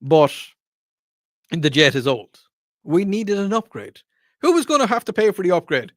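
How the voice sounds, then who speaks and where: A man's voice: sits high, big pitch swings, moderate pace, pauses often, dry recording. A man with an Irish accent hosting a talk radio show, rambling and joking through a casual monologue into a studio microphone. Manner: rambling, digressive, jokey.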